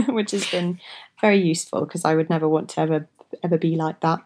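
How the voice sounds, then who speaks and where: Interview guest: woman in her twenties, casual, giggly, lots of fillers, low-ish pitch. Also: brisk, darkish tone. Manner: chatty, laughs often, many hedging fillers. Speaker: actress, guest.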